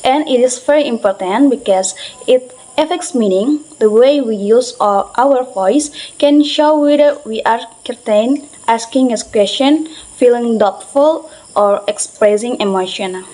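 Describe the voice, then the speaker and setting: A young woman with a fairly high voice presents her part of a class talk. She reads steadily from her notes, stumbling and restarting now and then. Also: unhurried, mellow, low-quality recording. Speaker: student presenter.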